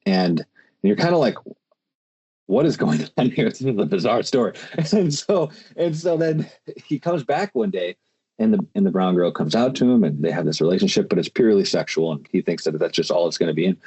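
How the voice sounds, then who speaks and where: A man's voice: on the low side, lively intonation, a little fast, warm tone, breathy edge. A man hosting a podcast, chatting casually and rambling with many restarts and fillers. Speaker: podcast host. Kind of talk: casual conversation.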